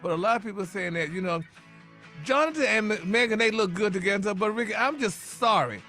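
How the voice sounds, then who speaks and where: Sassy bright-voiced man dishing gossip. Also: sits high, expressive, a little fast, faint music behind. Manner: sassy, calls everyone honey and y'all. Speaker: celebrity gossip co-host. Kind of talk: morning radio gossip segment.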